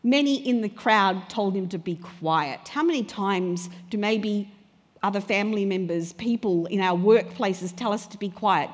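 A woman's voice: medium pitch, measured pace. Woman preaching in a reverberant hall. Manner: conversational preaching, rising to loud cries when quoting prayers. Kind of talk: sermon.

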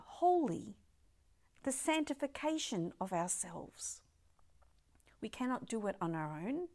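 An older woman giving an emphatic devotional talk, sometimes dropping her voice to a soft whisper. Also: high voice. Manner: expressive, piles up words of praise. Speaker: Christian devotional speaker.

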